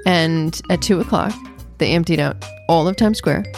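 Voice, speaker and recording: A woman co-hosting a podcast, chatting in an animated, storytelling way. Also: low voice, normal speed, creaky, faint music behind. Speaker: podcast co-host. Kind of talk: casual chat.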